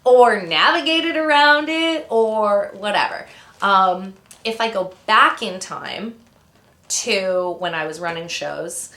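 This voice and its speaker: A woman's voice: mid-range voice, animated, slow pace, sharp tone, roomy sound. A woman in her thirties from Canada, chatting as an interview guest, rambling through stories with many fillers and tangents. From Ontario, Canada. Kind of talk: casual interview storytelling.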